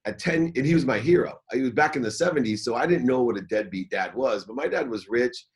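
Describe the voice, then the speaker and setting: A middle-aged man telling a personal story as an interview guest, candid and halting, often repeating words as he starts over. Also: medium pitch, animated.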